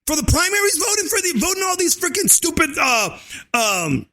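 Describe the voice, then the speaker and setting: A man vlogging a fiery, crude political rant, often shouting and tacking "and so forth" onto his lines. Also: very high voice, very animated, normal speed. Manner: crude slang and cursing. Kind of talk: ranting political commentary.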